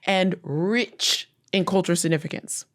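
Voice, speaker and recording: A woman's voice: lowish voice, measured pace. A woman co-hosting a podcast in casual chat, playful and laughing often, at times reading text aloud. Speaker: podcast co-host.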